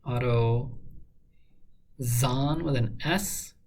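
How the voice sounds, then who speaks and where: A man solving a crossword out loud, muttering guesses and filling pauses with lots of ums and uhs. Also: mid-range voice. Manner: muttering, hesitant, many fillers. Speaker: crossword solver. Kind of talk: thinking aloud while solving a puzzle.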